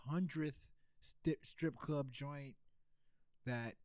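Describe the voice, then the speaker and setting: A man's voice: fairly high pitch, very slow, a little mellow, no echo. A man co-hosting a podcast in casual music chat, joking and teasing his partner. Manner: joking, teasing, mock accents, laughing. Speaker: podcast co-host.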